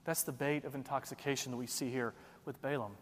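A man's voice: medium pitch, fairly even intonation, brisk, in a large hall, a little hiss or hum. A man preaching a sermon, building emphasis and asking rhetorical questions. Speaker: pastor.

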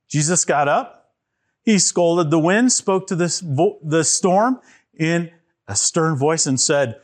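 Male children's Bible teacher: high, very animated voice, unhurried storytelling. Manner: animated, asks kids to join in with actions.

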